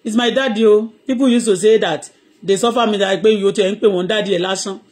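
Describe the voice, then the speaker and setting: This middle-aged Nigerian host, a native Yoruba speaker, talks fast in a mid-range voice that is a little mellow and slightly rough. On her live audio blog she rants heatedly and rambles, mixing Yoruba and English in impassioned commentary.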